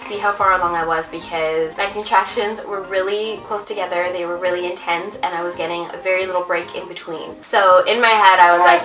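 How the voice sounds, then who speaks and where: A woman's voice: mid-range voice, fairly even intonation, moderate pace, a bit bright. A woman vlogger earnestly recounting a personal story to her viewers, confiding and direct. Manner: earnest, confiding, addresses viewers as ladies and mamas. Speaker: vlogger and new mother. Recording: roomy echo, distant mic, faint music.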